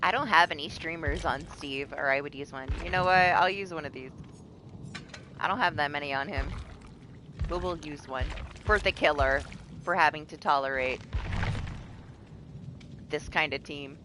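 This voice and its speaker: A woman streaming herself playing a game live, reacting loudly with laughs and curses and teasing the other players. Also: sits low, normal speed, long pauses, background noise. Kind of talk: live gameplay commentary.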